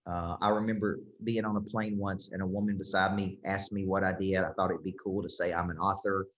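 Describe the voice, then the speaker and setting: A man's voice: deep voice, level tone, fairly quick. A man coaching a group, speaking emphatically and checking in often with "okay?" and "right?". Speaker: business coach. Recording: roomy, slightly dull sound.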